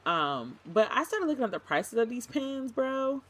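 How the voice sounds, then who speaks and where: A woman's voice: on the high side, moderate pace. Chatty woman streaming a cozy game. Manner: chatty, excitable, talks to the game while playing. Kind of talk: casual gaming stream chat.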